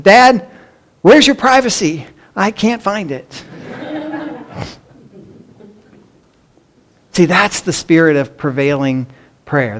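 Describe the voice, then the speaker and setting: Middle-aged male pastor with a high voice, animated sermon storytelling, imitates kids. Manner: animated storytelling, acts out pleading children in a raised voice.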